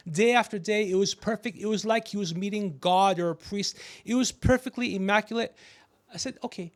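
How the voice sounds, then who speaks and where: Middle-aged man, high-pitched, podcast host, profane, rambling storyteller. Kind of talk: casual comedy chat.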